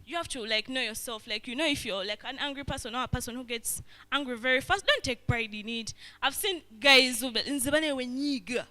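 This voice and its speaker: A woman's voice: on the high side, brisk, hardly any pauses, bright, forceful tone. A young woman leading an interactive workshop, often checking in with her listeners and acting out little scenes. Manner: constantly checks in with the audience, acts out little scenes. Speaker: workshop facilitator.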